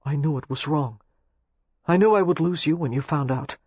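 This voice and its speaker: A narrator voicing a troubled young American man in an audiobook, speaking quietly and hoarsely. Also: medium pitch, normal speed, no echo, highs cut off, natural voice. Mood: subdued. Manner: quiet and subdued. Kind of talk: audiobook character reading.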